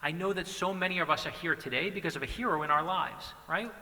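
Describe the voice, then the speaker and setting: A man's voice: fairly high pitch, fast talker, pushed and bright. A man in his forties, an author giving an earnest, passionate keynote that he tells as a string of stories. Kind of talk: inspirational speech with storytelling. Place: large banquet hall. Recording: reverberant hall.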